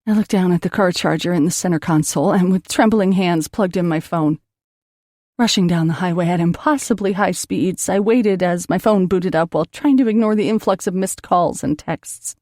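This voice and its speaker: A woman's voice: on the low side, moderate pace, a little mellow, no room sound, studio quality. A woman narrating an audiobook in an emotional first-person reading.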